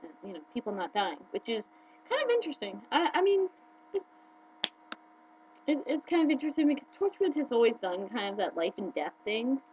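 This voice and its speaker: A woman chatting casually to her viewers as a video blogger, excitable, her pitch jumping up when she gets worked up. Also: fairly quick, dull audio, a little hiss or hum. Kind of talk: casual fan chat to camera.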